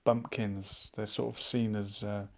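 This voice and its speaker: A man hosting a live online chat show, musing out loud and reading viewers' comments aloud in a casual, thinking-aloud way. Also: lowish voice, level tone, unhurried, creaky. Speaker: livestream chat host.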